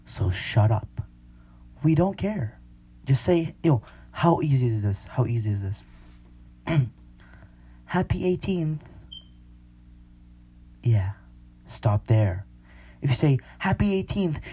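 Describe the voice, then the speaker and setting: A man's voice: mid-range voice, mellow, slightly rough. A young man hosting a podcast in casual chat, slangy and rambling, often laughing. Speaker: podcast host.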